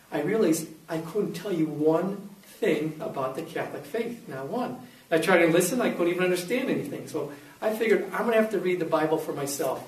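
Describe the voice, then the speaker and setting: A man's voice: sits high, echoey room, far from the mic, rough recording. A man telling a personal story, acting out the voices of the people in it. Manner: animated storyteller, acts out quotes. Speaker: speaker giving a faith testimony. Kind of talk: storytelling talk.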